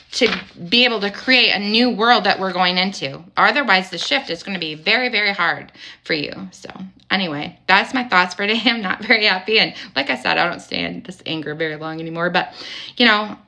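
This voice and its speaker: A woman speaking to her viewers in a heated spiritual monologue, her bright, forceful voice pressing every point. She swears casually and keeps hammering rhetorical questions, voice pitched in an ordinary middle range. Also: fairly quick, gravelly. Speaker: spiritual vlogger. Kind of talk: angry spiritual monologue to camera.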